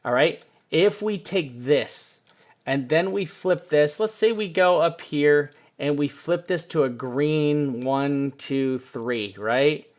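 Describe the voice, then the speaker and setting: A man giving a casual, excitable walkthrough of trading charts as a crypto analyst. He chats to the chart as he goes and throws in casual swears. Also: a little high, slow pace.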